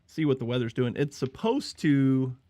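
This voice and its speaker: Offering casual gameplay commentary, a very animated streamer talks with his viewers and reasons out loud about his moves. His medium-pitched voice is warm and moves at a moderate pace, with no room sound.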